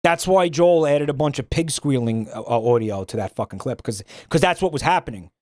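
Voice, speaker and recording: Male streamer, lively swooping voice, laughs a lot, close dry mic. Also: medium pitch, a little fast, no room sound. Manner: animated, laughs often, swears freely. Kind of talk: casual chat reacting to a game.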